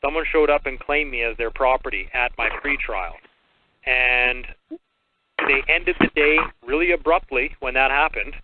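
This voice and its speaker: A man's voice: mid-range voice, moderate pace, slight background noise. Plain-spoken man over a phone line. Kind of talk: call-in radio talk.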